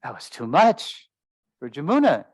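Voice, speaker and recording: A man's voice: fairly high pitch, huge pitch swings, measured pace, darkish tone, husky, no echo. A man giving a spiritual lesson as a story, talking loosely with many fillers and small chuckles. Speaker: spiritual teacher. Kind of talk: storytelling lecture.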